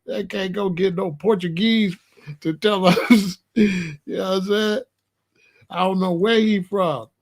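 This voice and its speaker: A man hosting a casual live stream, talking in an animated way, repeating his points, laughing and addressing viewers by name. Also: high-pitched. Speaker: host of a live call-in show.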